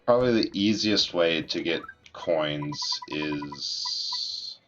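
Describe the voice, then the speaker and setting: A man's voice: sits low, lively intonation, extremely slow, fairly bright tone, a little hiss or hum. A man doing casual, laid-back gameplay commentary as a streamer, rambling and self-deprecating. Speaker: let's play streamer. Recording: dull lo-fi mic with faint game music.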